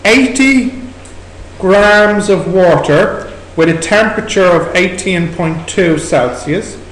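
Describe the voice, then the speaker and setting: Irish male tutor, high voice, echoey classroom. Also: slow pace. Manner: questioning, prompting students step by step. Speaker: maths tutor. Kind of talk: working through exam questions with students. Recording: echoey room recording with background noise.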